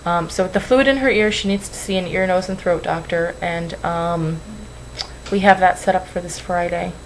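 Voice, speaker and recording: Close to tears and anxious, a young woman rambles and apologizes in an emotional webcam vlog from home about weight loss. Her lowish voice has fairly even intonation and a moderate pace, on a rough recording with slight background noise.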